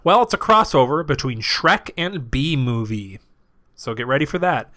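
A man's voice: mid-range voice, very animated, normal speed, pushed and bright. A man co-hosting a comedy podcast, reading a silly story aloud word for word and often cracking up. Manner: reads verbatim, often cracking up. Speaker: podcast co-host, narrator of fan fiction.

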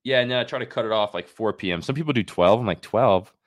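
A young man hosts a casual podcast interview, speaking very fast in a fairly low voice on a dry recording. He's chatty and loose, laughing often and using lots of fillers.

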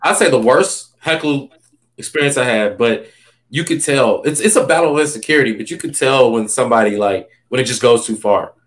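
A stand-up comedian with a medium-pitched voice tells animated stories at a brisk pace during a loose, casual interview chat, full of fillers and asides.

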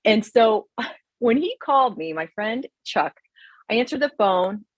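Husky, lively woman podcast host. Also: a little high, unhurried, no echo, lo-fi sound. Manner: chatty, storytelling. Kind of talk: casual chat.

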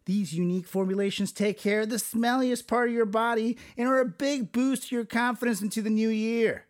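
A man's voice: high-pitched, steady tone, fairly quick. A man on a podcast reading a sponsor ad in a jokey, salesy way. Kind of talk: upbeat ad read.

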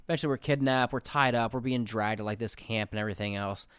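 A man's voice: on the low side, quick pace, a bit bright, clean tone, no room sound. A man casually telling a story from his tabletop game, rambling and profane, with lots of fillers. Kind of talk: casual anecdote.

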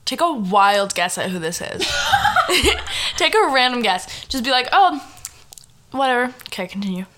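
A woman podcast host talks at a middling pitch, sarcastic and teasing, mocking the fan fiction she reads aloud. She is close on her own microphone. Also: very animated, moderate pace, bright, forceful tone. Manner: teasing and sarcastic, mocks the text while reading. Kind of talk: casual chat and reading fan fiction aloud.

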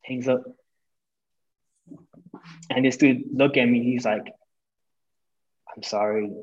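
A man's voice: mid-range voice, takes it slowly. A young man on a podcast telling a personal story casually, swearing and acting out what people said. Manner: animated, swearing, acts out quotes. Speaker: podcast guest. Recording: dull lo-fi audio.

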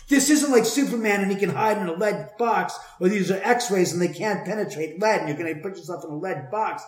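A man's voice: high voice, a little fast, few pauses. Profane, fired-up man telling a story. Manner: profane, heated, animated retelling. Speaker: storyteller, homeowner with a haunted house. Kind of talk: casual storytelling conversation. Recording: roomy echo.

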